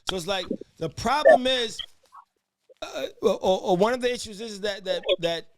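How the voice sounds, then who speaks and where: Man, podcast host, high voice, rambling restarts, heated casual debate. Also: moderate pace, a little hiss or hum. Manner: calls for order repeatedly, rambling restarts.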